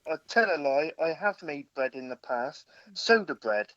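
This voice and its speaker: A friendly male caller chats in short, relaxed replies over a dull, dry phone-in line. His voice is bright and a touch high for a man. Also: moderate pace, no room sound. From England. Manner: easygoing, brief replies, light laughs. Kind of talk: casual phone chat.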